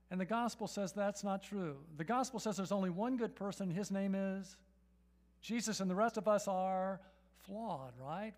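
High-voiced man preaching a sermon. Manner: emphatic, asks the audience questions and repeats "right?"; rises to loud, urgent peaks and drops to soft, intimate tones.

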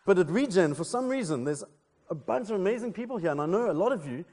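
A man's voice: sits high, expressive, fast, darkish tone. A man from South Africa preaching a casual sermon in a church, chatty and playful with loose fillers. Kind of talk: casual sermon with joke and prayer. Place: church hall. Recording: long church hall reverb.

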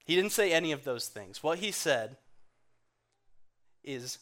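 A man preaching in a church, earnest and conversational, going quiet and soft when he quotes others. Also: fairly high pitch, very animated, a little slow, pauses often. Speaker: guest speaker in church. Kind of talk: sermon.

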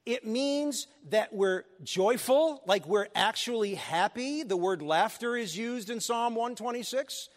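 A man preaching a sermon as pastor of a church, animated and joking with his congregation. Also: high voice, unhurried, hardly any pauses. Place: church sanctuary. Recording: long hall reverb.

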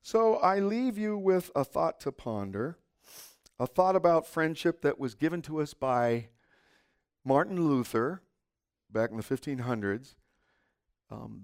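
A middle-aged man preaching a sermon, telling stories expressively and dropping into soft asides. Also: mid-range voice, lively intonation, unhurried, gravelly. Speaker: pastor.

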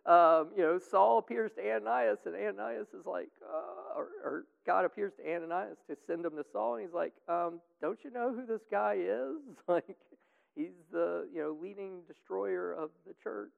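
A gravelly, high-pitched male voice at normal speed guides a Bible study group in a rambling, filler-heavy way. Everything sounds thin and phone-like, drenched in long reverb.

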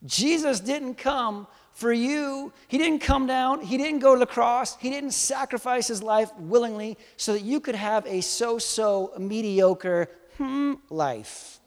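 High-pitched guy preaching, gets fired up then drops soft, keeps poking the crowd, big echoey hall. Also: measured pace, few pauses. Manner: animated, swings from soft to loud; quizzes and teases the congregation. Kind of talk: sermon to a live congregation. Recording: long hall reverb.

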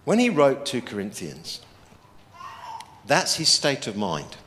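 Man, preacher, emphatic sermon delivery, animated pitch, long reverb. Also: takes it slowly, a little hiss or hum. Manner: lively, emphatic preaching with quoted scripture.

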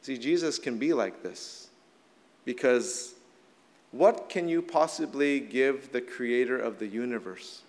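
A middle-aged man, a little hoarse from shouting, preaching a casual, conversational sermon full of "like" fillers. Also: medium pitch, measured pace. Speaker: pastor. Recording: long hall reverb.

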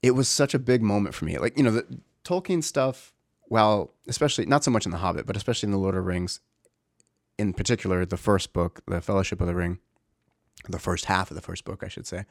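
Man, thirties, low voice, dry close sound, rambling, reflective, casual talk. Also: fast talker, no echo. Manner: rambling, reflective, many fillers and restarts. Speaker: father.

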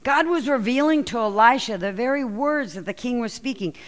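A woman pastor preaching a sermon and reading scripture aloud, telling the story with lively, acted-out quotes. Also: a little high, fairly quick. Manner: animated storytelling, acts out quoted lines.

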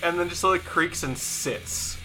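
Bright-voiced game master. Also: male voice, fairly high pitch, measured pace, faint music behind. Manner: narrating actions, calling for checks. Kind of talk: running a tabletop game.

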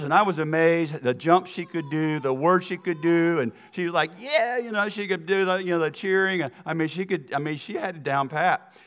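A man's voice: a little high, a bit bright, smooth. A middle-aged man from the American South with a Southern accent, giving a sermon as a guest speaker in a church, folksy and earnest, telling stories with asides to the congregation. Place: church sanctuary.

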